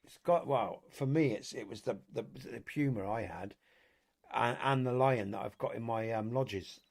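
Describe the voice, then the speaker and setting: A man's voice: medium pitch, moderate pace, vocal fry, a little mellow. Chatty rambling British male game streamer. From Britain. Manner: rambling and chatty, frequent swearing, lots of "you know". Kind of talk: casual live-stream chat while playing a hunting game.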